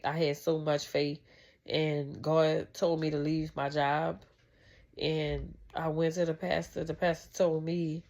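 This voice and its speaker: With a low, darkish voice, a woman vlogger speaks casually to camera about faith and family. The talk is heartfelt and rambling, with frequent restarts.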